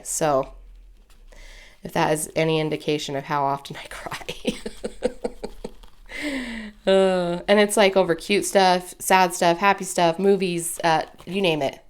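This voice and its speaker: A woman's voice: on the low side, clean tone. A woman hosting a casual crafting tutorial, chatty and gushing, easily moved by what she shows. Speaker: crafting video host.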